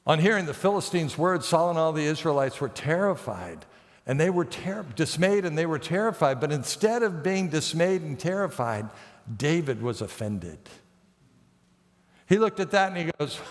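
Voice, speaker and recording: Pastor guy preaching, kinda high voice, storyteller, big echoey church sound. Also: lively intonation, normal speed. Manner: storytelling, acts out the characters' quotes. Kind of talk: sermon. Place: church sanctuary.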